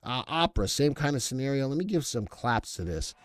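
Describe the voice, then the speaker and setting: Brisk and very animated, this mid-range male voice runs a stock analysis livestream, reading out the chat and cracking jokey asides between picks. It's loose, casual live commentary on the market.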